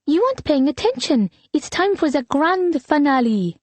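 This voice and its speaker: High little girl voice, playful then scared little sister, woman doing it, dry close audiobook sound. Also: very animated, moderate pace, no echo. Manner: high chirpy childlike voice.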